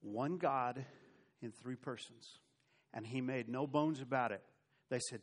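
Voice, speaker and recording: A middle-aged man preaching a sermon with animated swings between loud and soft, with humorous asides. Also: mid-range voice, unhurried. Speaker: pastor.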